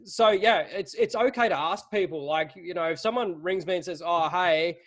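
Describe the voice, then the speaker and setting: Blunt, animated man hosting. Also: sits high, a little fast. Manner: blunt, animated, swears casually. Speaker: webinar host. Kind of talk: casual webinar chat.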